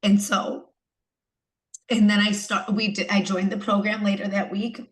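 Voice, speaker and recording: A woman's voice: medium pitch, flat delivery, measured pace. Emotional pregnant woman in a roomy echo. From United States. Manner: emotional, rambling, many fillers and restarts. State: pregnant, third trimester. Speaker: coaching client. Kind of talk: candid video-call testimonial.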